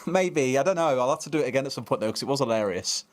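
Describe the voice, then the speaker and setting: A young man casting an esports match, joking about himself before previewing the game briskly. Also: medium pitch, expressive. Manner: jokey, self-mocking, then brisk match preview. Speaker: esports caster. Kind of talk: play-by-play casting banter.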